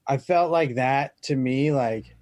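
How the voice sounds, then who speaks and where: A man of middle pitch talks casually on a podcast. He sounds relaxed and laughs easily. The recording is dry and close. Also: takes it slowly, dry recording.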